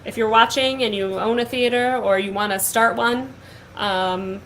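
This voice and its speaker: Bright-voiced gushing young woman host. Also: on the high side, steady tone, measured pace, slight background noise, rough recording. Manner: gushing, upbeat, many "like" fillers. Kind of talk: casual chat.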